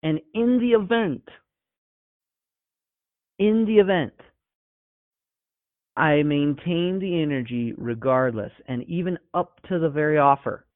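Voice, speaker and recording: A man's voice: on the high side, slow, pauses often, no echo. A man giving an emphatic, conversational motivational coaching talk to his clients, with many rhetorical questions. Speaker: business coach. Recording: tinny phone-like sound.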